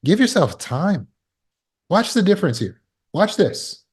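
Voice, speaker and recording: A man's voice: sits high, big pitch swings, a little slow, husky. A man teaching a trauma recovery class over a video call, in an earnest way, acting out short scenes to make his points. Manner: earnest, acts out scenes with bursts of alarm. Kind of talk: teaching talk with acted examples.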